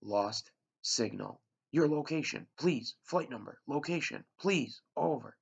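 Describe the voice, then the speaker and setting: A man's voice: medium pitch, expressive, a little slow, vocal fry, slightly rough, dull audio, voice pushed up, exaggerated voice. A man voicing an adult male radio operator who speaks in clipped radio procedure.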